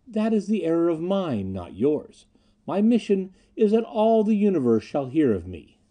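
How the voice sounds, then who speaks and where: A man plays a sleek male mystic preacher from Venus whose soft, silky voice glides along with quiet irony. He sounds condescending and smooth in this audiobook, his tone dark and mellow. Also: high voice, very animated, normal speed, pitched above the performer's own voice. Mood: suave.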